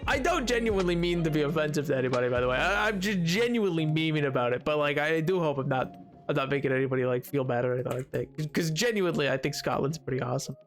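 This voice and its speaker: A man livestreaming a game, chatting casually to his viewers in an animated, giggly, rambling way. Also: a little high, quick pace, soft background music. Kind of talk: casual chat while gaming.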